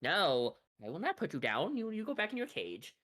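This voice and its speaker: An eccentric wizard shopkeeper, played by a woman, with a bright, swooping voice that rises and falls widely. She rambles and hesitates, then grows grandiose, recorded close and dry. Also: lowish voice, wildly swooping pitch, moderate pace, no room sound, full character voice. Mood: firm. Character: eccentric female wizard shopkeeper who awakens animals.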